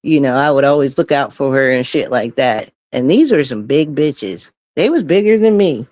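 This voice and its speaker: Profane, animated middle-aged woman storyteller. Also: a bass voice, normal speed, no echo. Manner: profane, animated, keeps asking "right?". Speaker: streamer. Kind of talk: casual storytelling to viewers. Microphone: close streaming mic.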